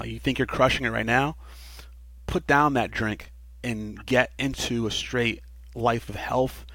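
A man in casual interview talk, telling his recovery story in an earnest, animated way and laughing now and then. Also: medium pitch, no echo. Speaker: podcast guest.

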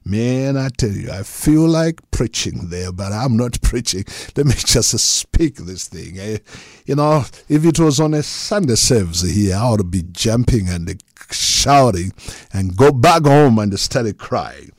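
Man preaching with a lively rising voice. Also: on the low side, unhurried, no room sound, clean studio sound. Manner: emphatic, rising and falling preaching cadence. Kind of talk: sermon.

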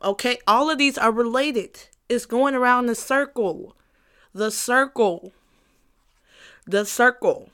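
Her voice sits on the high side, clear and resonant with a touch of brightness. As the solo host of a casual podcast, she hammers her points home repetitively, curses often, and laughs a lot in a playful way.

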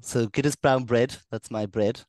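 A man's voice: mid-range voice, steady tone, moderate pace, a little mellow, no echo, close to an everyday voice. A man from Cork doing a comic impression of a snooty, scheming cartoon baby boy with a clipped, plummy voice. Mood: haughty. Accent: Cork Irish (own). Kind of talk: comedic impression on a podcast.

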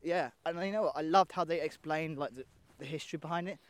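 A man's voice: on the high side, quick pace, dry recording. A young man co-hosting a podcast, rambling and swearing casually as he talks through scenes, often trailing off mid-sentence. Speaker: podcast co-host. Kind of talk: casual chat.

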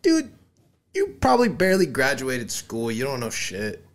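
A man's voice: mid-range voice, huge pitch swings, moderate pace, a crowd in the background. A man in casual banter, teasing and skeptical, using crude slang.

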